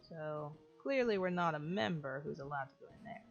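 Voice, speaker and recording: A woman hosts a let's play, chatting casually and walking viewers through each step. Her voice sits fairly low. The recording is dull and lo-fi, with faint game music underneath. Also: expressive, moderate pace, gravelly. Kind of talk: casual gameplay commentary.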